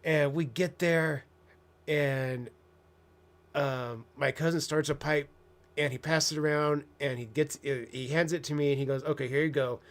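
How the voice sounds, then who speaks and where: A male host tells a personal story in a loose, unscripted monologue, blunt and profane, trailing off, circling back, and tossing in dry sarcastic asides. His voice is a bit higher than most men's, with a steady tone and slightly slow pace.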